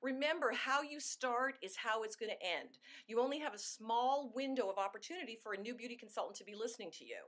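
A woman's voice: fairly high pitch, fast, few pauses, a bit bright. A woman giving a sales coaching talk, emphatic and acting out sample phone calls. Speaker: sales team trainer.

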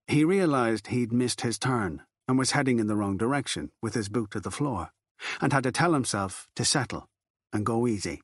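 A man narrating a literary novel in a steady, measured audiobook reading. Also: medium pitch, no echo, clean studio sound. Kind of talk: scripted narration.

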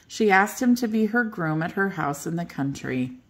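An older woman reading a children's bedtime story aloud in a gentle, expressive way. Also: lowish voice, moderate pace.

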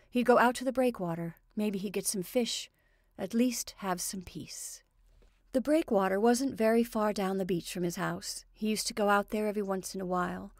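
A woman reading a classic short story aloud in measured, even narration. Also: mid-range voice, no room sound, studio quality.

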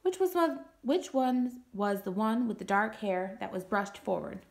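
A woman reading aloud and voicing a gentle, worried mother who asks her young son soft, caring questions. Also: mid-range voice, expressive, a little slow. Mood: concerned. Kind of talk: read-aloud storytelling.

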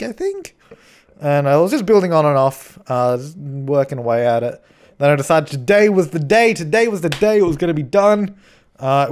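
A man's voice: fairly high pitch, a little mellow. A young man giving a chatty, rambling voice-over commentary on a building game, often restarting his sentences and teasing himself. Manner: chatty, rambling, self-mocking, frequent restarts. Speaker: game channel host.

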